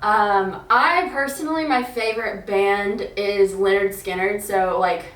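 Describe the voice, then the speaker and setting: A woman's voice: medium pitch, a little slow, fairly bright tone, reverberant, far from the mic, low-quality recording. A young woman from Alabama with a light Southern accent, chatting casually to camera in a vlog, upbeat and giggly with lots of ums and likes. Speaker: fitness influencer.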